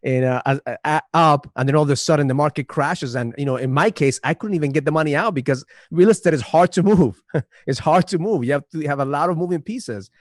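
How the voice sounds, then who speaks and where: Animated male podcast host, dry sound. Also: fairly high pitch, brisk, dry recording. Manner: animated, swears casually. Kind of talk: casual interview chat.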